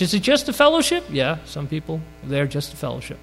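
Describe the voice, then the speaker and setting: A man's voice: wildly swooping pitch, a little fast, creaky, hardly any pauses, big-room sound, rough recording. A man from Brooklyn, New York, with a Brooklyn accent, preaching a sermon and telling a story, often asking the congregation questions. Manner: storytelling, asks the audience questions, rises and falls in pitch for emphasis.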